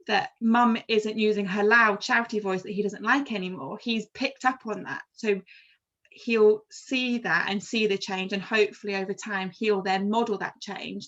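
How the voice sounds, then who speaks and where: A woman's voice: medium pitch, fairly bright tone, dull audio. A woman with an English accent, a wellbeing practitioner, leads a carers' workshop and explains things in a friendly way with many fillers. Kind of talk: online group workshop talk.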